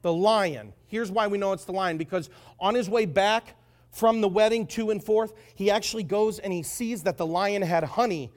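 Jokey, high-voiced preacher. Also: male voice, moderate pace. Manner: jokey, conversational storytelling; frequent asides to the audience. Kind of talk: sermon.

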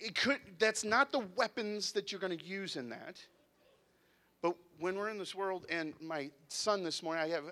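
Lively high-voiced male preacher. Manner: animated, conversational preaching with sudden drops to a hush. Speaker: pastor. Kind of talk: sermon. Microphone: handheld mic, sometimes set down.

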